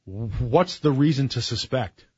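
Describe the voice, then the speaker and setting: Husky 40s guy ranting on talk radio, sarcastic, fired up, dry muffled sound. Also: mid-range voice, expressive, slow pace, a little mellow, no echo. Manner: opinionated, sarcastic, building to heated emphasis. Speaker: radio talk show host. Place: radio studio.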